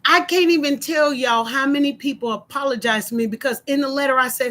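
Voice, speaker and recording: A woman's voice: high-pitched, brisk, hardly any pauses, a bit bright. A middle-aged woman tells a personal story in a casual, emphatic way, repeating her points and acting out both sides of a conversation. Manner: emphatic, repeats herself, acts out both sides of a phone call. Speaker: vlogger telling a personal story.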